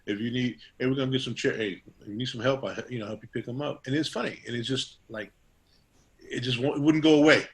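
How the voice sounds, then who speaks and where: A man's voice: mid-range voice, fairly even intonation, fast. A middle-aged man, a barber, telling stories in a casual interview, rambling with many fillers and restarts and acting out quoted dialogue. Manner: acts out quoted dialogue in a raised voice. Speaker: guest barber.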